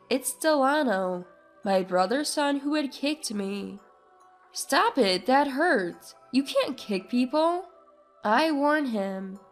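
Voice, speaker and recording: A woman narrating a first-person story in a slow, measured way. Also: on the high side. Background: faint music.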